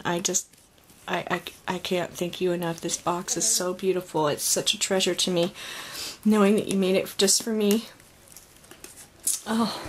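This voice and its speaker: A woman's voice: mid-range voice, a little hiss or hum. A woman crafter unboxing a handmade gift in a casual home vlog, gushing and emotional with many sighs and exclamations. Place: home craft room with dog nearby.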